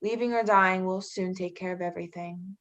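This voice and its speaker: A woman's voice: fairly low pitch, steady tone, fairly quick, a bit bright, lo-fi sound, close to an everyday voice. A teenage girl acting as a hurt, jealous young woman in a school stage play, pleading and bitterly sarcastic. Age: teens. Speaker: student actor.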